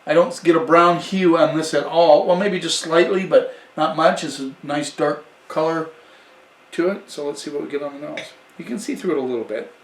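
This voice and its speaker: A man's voice: fairly high pitch, moderate pace, recorded from a distance. A man giving a casual wine tasting review in a chatty way, often restarting and correcting himself. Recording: echoey room, away from the mic.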